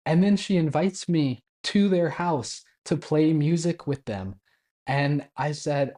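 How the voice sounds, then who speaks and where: A man in his twenties tells a travel story in a relaxed, unhurried way. His voice is mellow and soft-edged. He chats casually, laughing now and then and acting out short quoted Japanese lines. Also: fairly high pitch. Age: 20s. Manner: chatty, laughs often while telling; acts out quoted Japanese phrases.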